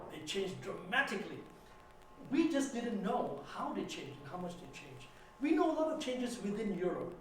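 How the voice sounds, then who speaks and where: A man giving a church lecture with slides, telling stories and anecdotes in an animated way. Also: high voice. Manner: anecdotal, animated storytelling with asides. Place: church hall. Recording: echoey hall, distant mic, faint noise.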